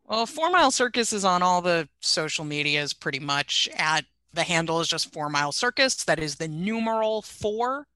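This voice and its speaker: Bright, crisp woman giving brisk plugs. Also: lowish voice, sing-song, no room sound. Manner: teasing, then brisk and promotional. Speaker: podcast guest. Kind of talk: casual chat.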